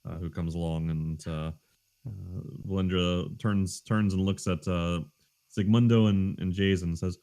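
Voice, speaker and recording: A man with a deep voice runs a tabletop game as game master. He explains rules and scenes in a halting way, full of fillers. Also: fairly even intonation, mellow.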